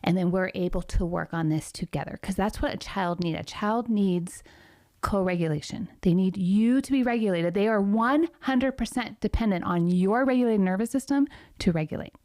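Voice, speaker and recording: A woman's voice: medium pitch, no room sound. A woman who works as a parenting coach, a guest speaking energetically and cheerfully in a casual interview. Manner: energetic, upbeat, quick and laughing.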